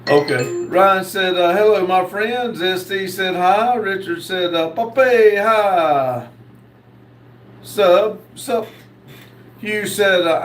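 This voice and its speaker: Slow-talking man reading chat aloud. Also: high voice, a bit bright, roomy sound, far from the mic, slight background noise, rough recording. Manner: slow, reads comments aloud with many uhs. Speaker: host reading live chat. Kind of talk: casual live stream chat.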